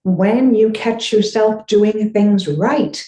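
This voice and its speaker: A woman's voice: mid-range voice, takes it slowly, few pauses, warm tone, roomy sound, rough recording. A woman parenting coach giving encouraging advice straight to the listener. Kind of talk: direct-to-camera advice talk.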